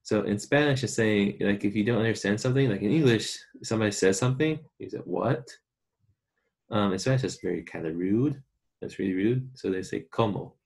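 A man with a lilt teaches a recorded online Spanish lesson. His voice sits low and carries a gravelly fry. He talks to his students in a casual, chatty way. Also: quick pace, a little mellow.

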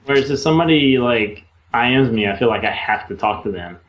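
A man's voice: medium pitch, lively intonation, a little fast, poor audio. A man co-hosting a casual podcast chat over a call, talking in a hesitant way with many ums and likes. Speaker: podcast co-host. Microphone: remote call mic.

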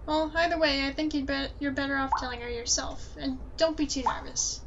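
A woman reading the lines of a supportive friend who gently reassures. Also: high voice, steady tone, a little fast, gravelly, slight background noise. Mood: reassuring. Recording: slightly dull lo-fi recording.

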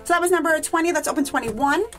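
Gushing high-voiced woman unboxing toys. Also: fast, a bit bright, soft background music. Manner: gushing, enthusiastic, talks to viewers as guys. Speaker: toy unboxing channel host. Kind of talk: toy unboxing vlog.

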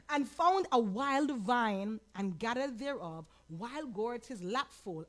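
A woman pastor with a Caribbean accent teaching a Bible lesson, animated, asking the audience questions and acting out quoted lines. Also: a little high. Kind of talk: sermon-style Bible teaching.

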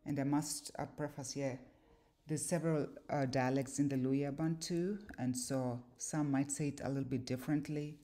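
A woman giving an explanatory lesson, speaking deliberately with occasional filler pauses. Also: very deep voice, fairly even intonation, warm tone. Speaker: language and scripture teacher.

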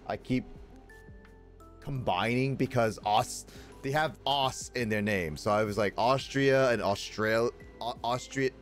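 A man streaming and chatting casually with viewers, rambling with lots of fillers and restarts. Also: lowish voice.

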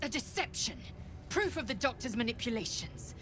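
A woman's voice: on the high side, sing-song, moderate pace, background noise. An actress voicing a proud, fierce githyanki warrior woman in a video game, speaking in a harsh, commanding and defiant way. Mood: grim.

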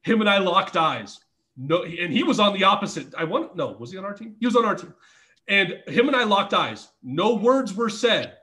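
Man, middle-aged, slightly high voice, casual podcast storyteller, laughs a lot, swears freely. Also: animated, normal speed, bright, forceful tone. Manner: laughs through his stories, swears freely. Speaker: podcast guest, former pro wrestler.

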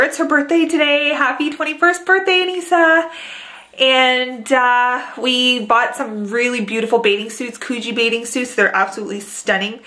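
A young woman records a casual vlog at home, talking straight to her camera mic in a slightly high voice. She sounds a little out of breath and chats loosely and easily. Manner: chatty, talks to her dogs in a high excited voice. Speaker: vlogger. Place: at home indoors.

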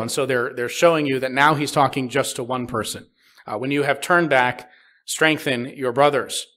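A man's voice: mid-range voice, a bit bright. A man preaching a sermon as a pastor, reading scripture and explaining it plainly with frequent "uh" fillers. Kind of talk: expository sermon. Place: church sanctuary.

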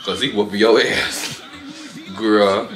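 A man giving sassy, animated reaction commentary on fight highlights, full of exclamations and sudden squealed outbursts. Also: takes it slowly, roomy sound. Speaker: reaction video host.

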